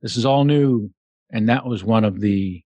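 A man's voice: on the low side, normal speed, warm tone, dry recording. Chatty male podcast host, dry close sound. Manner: chatty, playful, slips into impressions. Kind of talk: casual interview chat.

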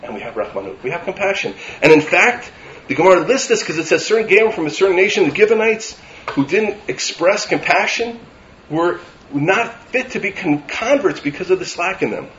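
Rabbi preaching, expressive lively delivery, faint ambient noise. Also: male voice, sits high, fairly quick, dull audio. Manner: animated, rising to emphatic lists. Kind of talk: sermon.

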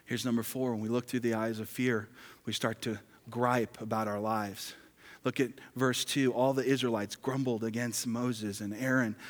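A male pastor preaching a sermon emphatically, swinging from loud exclamations to hushed whispers. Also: mid-range voice, level tone, moderate pace. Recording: long reverb of a large hall.

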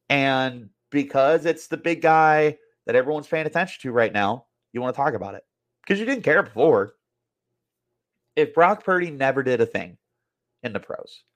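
Annoyed guy ranting on his sports podcast, heated, keeps repeating himself. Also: mid-range voice. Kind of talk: opinion rant.

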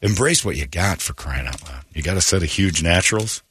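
Brash, lively-voiced male radio host. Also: low-pitched, brisk, breathy edge. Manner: loud, mocking, acts out shouted quotes. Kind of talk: casual morning show banter. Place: radio studio.

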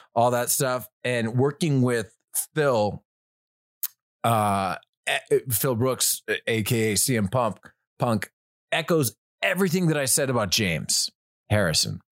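Male actor guest, mid-pitch, animated storyteller, close dry mic. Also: no echo. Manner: animated storyteller, frequent restarts, swears. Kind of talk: casual podcast chat.

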